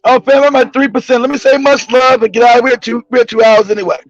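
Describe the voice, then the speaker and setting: A man's voice: extremely high pitch, little pitch movement, quick pace. A male show host telling stories casually, profane and mocking, laughing often. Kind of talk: casual comedic storytelling. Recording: dull lo-fi recording.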